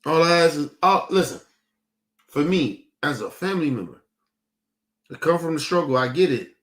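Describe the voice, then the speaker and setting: A man's voice: a little high, expressive, moderate pace, a bit bright. Heated, profane man ranting on stream. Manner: heated, profane, repeats himself. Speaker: streaming show host. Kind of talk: casual rant to a stream audience.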